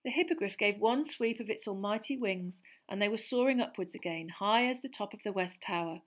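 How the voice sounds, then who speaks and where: A woman narrating a storybook in a steady, measured reading voice. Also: mid-range voice. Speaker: audiobook narrator.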